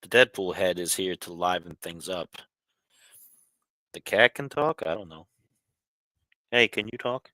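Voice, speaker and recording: A man's voice: on the low side, bright, forceful tone, dry recording. A man hosting a casual live question stream from home, chatting and talking to his cat. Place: home, on a couch.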